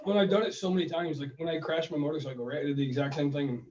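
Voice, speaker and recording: A man's voice: a little high, very fast. A male podcast co-host in casual chat, giving money advice and acting out phone calls as he tells stories. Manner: animated storyteller, acts out phone calls. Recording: roomy, distant, dull sound.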